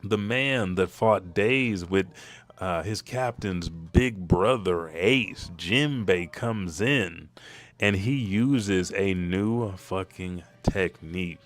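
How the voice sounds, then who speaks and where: Speaking slowly, a manga spoiler commentator casually walks through a comic chapter's events. He's profane and animated, breaking into high-pitched voices whenever he acts out a character's lines.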